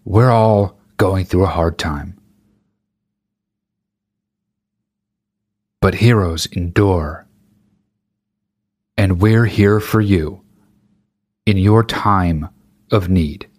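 A man imitating a sentimental commercial narrator, slow, hushed and overly earnest. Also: low-pitched, no echo. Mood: solemn.

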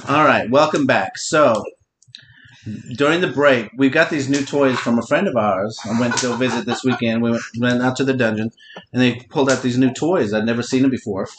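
A man's voice: mid-range voice, a little fast, a little hiss or hum. A middle-aged man hosting a podcast and telling a long story in a casual, profane, teasing way. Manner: profane, teasing, talks to his listener directly. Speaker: podcast host.

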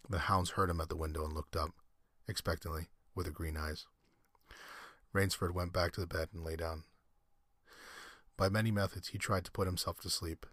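A man narrating a short story in a measured, steady way. His voice is deep and husky, and the recording sounds close and dry with no room around it. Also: no echo. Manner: measured storytelling with occasional restarts. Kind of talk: audiobook reading of a short story.

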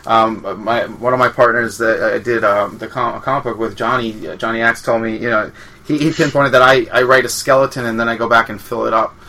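A man hosting a casual chat, easygoing and quick to laugh. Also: mid-range voice, fairly even intonation, pushed and bright.

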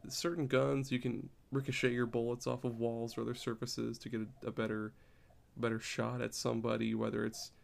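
A man's voice: medium pitch, level tone, a little fast, creaky. A man chatting casually on a podcast, rambling and repeating words as he explains. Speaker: podcast co-host.

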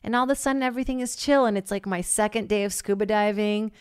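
Animated woman telling a comic story. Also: mid-range voice, fast, clear, resonant tone, no room sound, clean studio sound. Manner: animated, swears freely, acts out quotes. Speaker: podcast host. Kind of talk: casual comedic storytelling.

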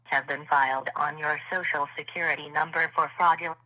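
A man's voice: a little high, fairly even intonation, a little fast, sharp tone. A synthetic male voice in an automated scam voicemail, speaking in stilted, robotic phrases, played back from a phone line.

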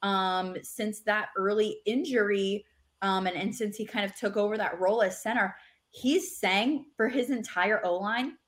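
A woman co-hosting a sports podcast, talking in a casual, animated way. She reads quotes aloud and keeps the chat moving, with a voice of middling pitch. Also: a little slow.

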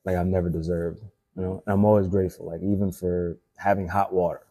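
A man in his thirties from Haiti, an actor chatting casually in an interview, animated and full of filler words. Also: sits low, quick pace. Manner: animated, fillers like "like" and "you know". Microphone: phone live stream.

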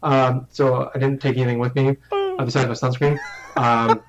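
A man's voice: mid-range voice, fairly even intonation, moderate pace, a crowd in the background. A young man telling a long, rambling story in casual chat, swearing often, mocking himself and restarting his sentences. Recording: slightly dull lo-fi audio.

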